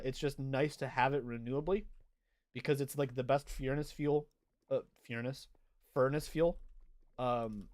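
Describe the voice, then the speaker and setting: A man's voice: medium pitch, no room sound, studio quality. A young man casually chatting through a game livestream, reading out and answering viewer chat as he plays. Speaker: streamer.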